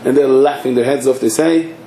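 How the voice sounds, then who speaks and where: A rabbi tells a story in a sermon at a fast clip and throws himself into every scene. His speech rings in an echoey hall, and a faint hiss sits behind it. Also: mid-range voice. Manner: animated, acting out the story.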